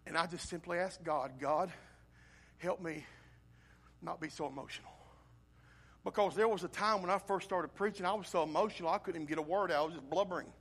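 A middle-aged man preaching a sermon, impassioned and building to near-shouting climaxes. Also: a little high. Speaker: pastor.

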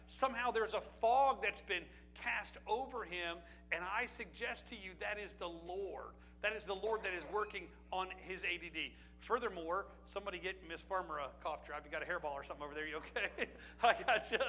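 High, bright-voiced preaching man. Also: moderate pace, slight background noise, low-quality recording. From Pennsylvania. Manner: conversational preaching with rhetorical questions and asides. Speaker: pastor. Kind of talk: sermon.

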